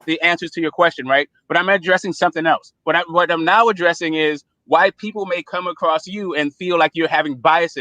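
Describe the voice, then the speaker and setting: A man on a heated debate panel who keeps cutting in and restarting his sentences. He talks fast in a high, bright voice. The sound is dry and close. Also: fairly even intonation, no echo. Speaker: panel guest.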